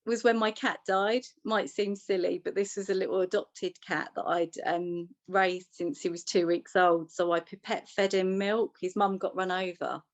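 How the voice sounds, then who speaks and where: A woman's voice: lowish voice, steady tone, moderate pace, few pauses, dry recording, highs cut off. A woman telling personal stories in a chatty way, with humour and restarts. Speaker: podcast co-host. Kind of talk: personal storytelling in a conversation.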